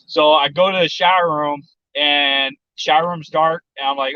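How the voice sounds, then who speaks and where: A man's voice: fairly high pitch, steady tone, normal speed, bright, forceful tone, clean tone, no echo, dull audio. A man from South Texas telling a story in casual chat, blunt and profane, and he acts out the voices of other people. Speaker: podcast guest.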